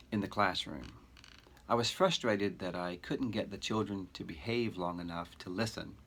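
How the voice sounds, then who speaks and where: A middle-aged man giving a recorded lecture to teachers, earnest and emphatic, with deliberate pauses. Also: deep voice, a bit bright. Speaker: teacher educator.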